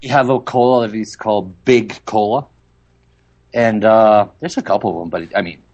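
A man's voice: on the low side, normal speed, a little mellow, muffled recording. Agreeable man with a light Mexican accent. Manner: agreeable, hesitant, repeats himself. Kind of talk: casual chat.

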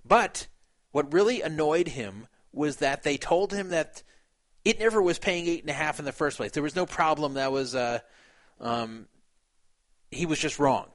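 A man's voice: fairly high pitch, animated, normal speed, fairly bright tone. A man retelling a poker dispute in a casual, opinionated way. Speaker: poker commentator. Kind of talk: casual commentary.

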